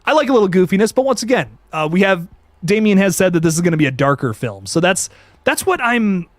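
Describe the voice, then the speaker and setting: A young man hosts a casual live stream, chatting loosely with viewers in an excitable, slangy way. His voice sits a bit high and swings widely in pitch. The sound is close and dry, with no room around it. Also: fast talker, no echo. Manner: excitable, laid-back slang, frequent laughs and restarts. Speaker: youtube host reading live chat.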